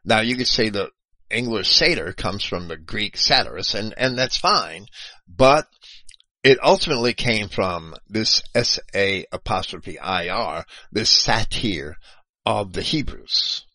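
A man talks through a long explanatory monologue with a lower voice and a bright edge, his pitch rising and falling a lot. He goes slowly, stumbling and circling back to fix his words, and spells terms out letter by letter. The sound is dry, with no room around it. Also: animated, no room sound, low-quality recording. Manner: halting, with frequent restarts and self-corrections. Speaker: video host.

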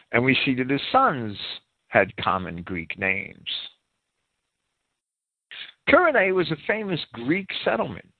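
A man delivers verse-by-verse scripture commentary in a lively, rising-and-falling voice. He talks deliberately and pauses to spell out words. The audio is thin and phone-like, with a dry, close sound. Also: medium pitch, no room sound. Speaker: Bible commentator.

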